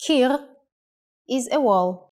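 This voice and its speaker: A woman presenting a scripted language lesson, pronouncing words clearly and carefully. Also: high voice, expressive, takes it slowly, a little mellow. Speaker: language teacher.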